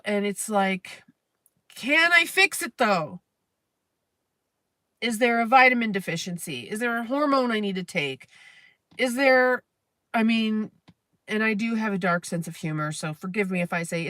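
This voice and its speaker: A woman's voice: medium pitch, a bit bright, no room sound. A woman hosting a live stream, venting in a candid, rambling, profane way. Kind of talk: casual venting monologue.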